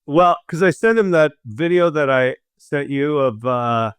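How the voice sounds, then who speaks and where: A man's voice: a little high, measured pace, clear, resonant tone, dry recording. A man from southern India hosting a podcast, chatting in a rambling, teasing way full of ums and uhs. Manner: rambling, teasing, many fillers. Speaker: podcast host. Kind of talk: casual podcast chat.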